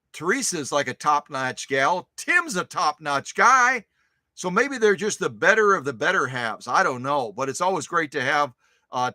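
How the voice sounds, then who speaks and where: A man hosts a casual live stream and greets his viewers one after another. He rambles in an upbeat way, repeats himself and fills gaps with uhs. His voice sits a little high and sounds bright and forceful, and it is recorded dry. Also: no room sound. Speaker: host of a vintage sewing machine live stream.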